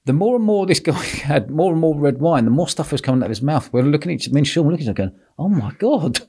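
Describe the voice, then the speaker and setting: A man hosting a podcast, telling a lively story with lots of laughter and quoted voices. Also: a little high, rapid-fire, breathy edge. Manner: animated, laughing, acts out quotes. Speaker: podcast host. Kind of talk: casual storytelling chat.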